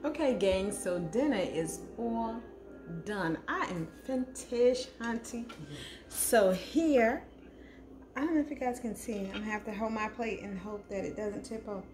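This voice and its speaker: A woman's voice: medium pitch, expressive, a little slow, darkish tone, faint music behind. A woman casually chatting to her viewers in a cooking vlog, affectionate and chatty, calling them hunty. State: talking with food in her mouth. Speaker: cooking vlogger. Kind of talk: casual chat to camera. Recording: echoey room with faint noise.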